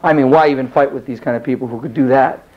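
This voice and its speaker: A man's voice: mid-range voice, fast talker. A man teaching a Bible class in a casual, rambling storytelling style, acting out the characters as he goes. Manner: rambling, animated, acts out the characters. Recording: dull lo-fi recording.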